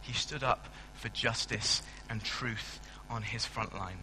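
A man's voice: mid-range voice, steady tone, takes it slowly, background noise. A man preaching a sermon in a church hall on a stand mic, chatty and self-mocking as he tells stories. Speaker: pastor.

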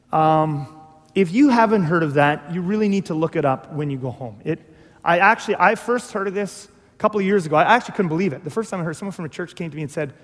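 A male pastor preaching a sermon, animated and full of rhetorical questions, acting out little dialogues. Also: high voice. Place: church hall. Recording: long hall reverb.

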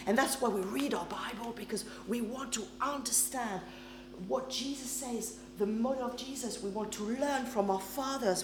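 A woman's voice: a little high, a little hiss or hum. A woman preaching a sermon in English, which is not her first language, in an emphatic manner and often checking in with her listeners. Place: church hall with congregation. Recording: echoey room.

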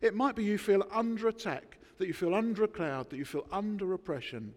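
A man preaching a sermon, emphatic, with dramatic pauses between words. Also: high-pitched, a little mellow, big-room sound. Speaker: pastor. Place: church.

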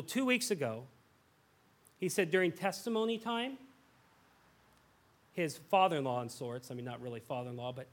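Delivering a sermon, this thirty-something male pastor recounts a story with animated, chatty energy, his voice pitched fairly high.

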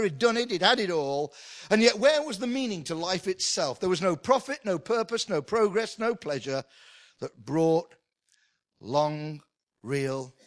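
Middle-aged male pastor, animated conversational sermon, slightly high voice. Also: no echo. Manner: animated, conversational preaching with humour.

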